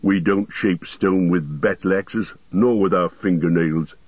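A man voicing a fierce, battle-hungry male dwarf warrior with gruff, bellowing war cries, over a tinny radio-like sound. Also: low-pitched, slow pace, no echo.

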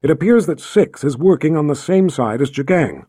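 A man's voice: a little high, animated, normal speed, dark tone, slightly rough, no room sound, studio quality. A male narrator voicing a steadfast young warrior who speaks earnestly.

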